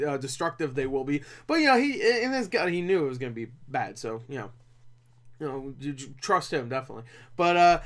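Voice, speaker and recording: A man's voice: on the high side, fairly bright tone. A man with a slightly raised voice rambles through a casual film review. He swears freely, breaks into laughter and keeps tripping over his words and starting again. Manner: rambling, profane, laughs often; frequent restarts and stammers. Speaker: movie reviewer.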